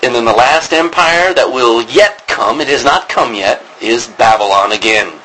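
A man's voice: mid-range voice, moderate pace, sharp tone, a little hiss or hum, rough recording. A man teaching a class on biblical Greek, rambling with many ums and restarts. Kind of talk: classroom lecture.

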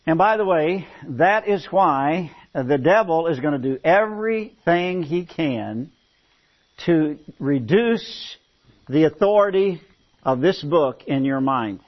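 Animated preacher man, lo-fi recording. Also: fairly high pitch, slow. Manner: animated storytelling with stammered restarts. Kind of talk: sermon. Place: church with congregation. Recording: dull lo-fi recording.

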